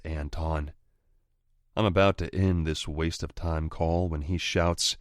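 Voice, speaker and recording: A man's voice: very deep voice, level tone, takes it slowly, no echo, studio quality. A man narrating a first-person romance audiobook with a growling, menacing manner.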